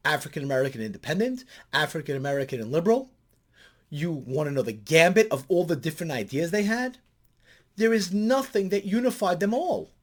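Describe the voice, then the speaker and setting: A middle-aged man, a counselor, giving commentary in a vlog and telling stories animatedly, his voice climbing high when he gets excited.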